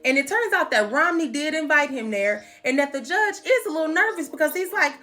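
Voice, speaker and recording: A woman hosting a comedic recap, telling the story in a sassy, animated way with swearing asides. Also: sits high, brisk, soft background music.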